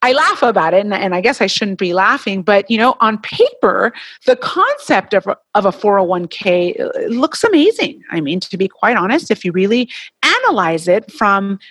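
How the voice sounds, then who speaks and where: A woman's voice: medium pitch, moderate pace, breathy edge, dry recording. A woman hosting a podcast, talking in a casual, chatty way and sometimes getting heated. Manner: animated, chatty, gets heated and laughs at points. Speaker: podcast co-host. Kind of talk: casual solo podcast talk.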